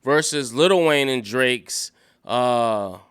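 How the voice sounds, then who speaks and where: A man's voice: medium pitch, very slow, a bit bright, smooth. A man giving casual solo commentary, thinking aloud and rambling with many fillers and restarts.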